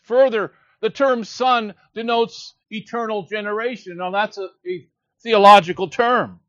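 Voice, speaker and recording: A man preaching a sermon, earnest and measured, teaching a scripture passage with emphatic quotes. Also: high-pitched, steady tone, a bit bright, no room sound, dull audio.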